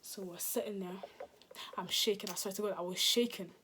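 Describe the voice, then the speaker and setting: A woman's voice: medium pitch, fairly quick, noisy background. A woman, telling a casual storytime, acting out quotes and dropping into whispers. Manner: animated, acts out quotes, drops into whispers. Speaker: vlogger.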